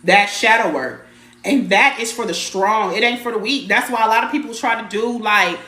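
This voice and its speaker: A woman hosts a live spiritual stream in an echoey room, speaking casually and bluntly, repeating her points, swearing mildly and greeting viewers by name. Her voice is on the high side, moderately paced and sharp in tone.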